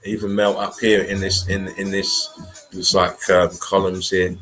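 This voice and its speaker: A low-pitched man with an English accent hosts a livestream in loose, rambling commentary. His talk is blunt and casual, peppered with swearing. Faint music plays underneath. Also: flat delivery, a little slow, fairly bright tone, rough recording. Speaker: livestream host.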